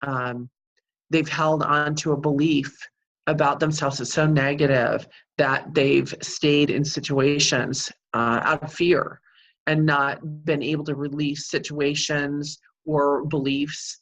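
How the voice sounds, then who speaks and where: A middle-aged woman with a notably low, deep voice speaks in an interview. She explains at length in an earnest, teaching manner and leans often on "you know." Her tone is steady and sincere. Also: slow. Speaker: psychic medium and Reiki practitioner. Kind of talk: interview answers, explaining spiritual healing.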